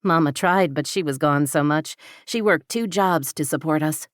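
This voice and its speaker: A woman's voice: low voice, moderate pace, dry recording, clean studio sound, close to an everyday voice. A woman voicing a candid young woman who teases and confides earnestly. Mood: confiding.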